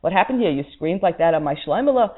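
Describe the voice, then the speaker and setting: A woman's voice: on the low side, animated, fast talker. A woman doing a stern heavenly judge. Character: stern divine male judge questioning. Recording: tinny phone-like line.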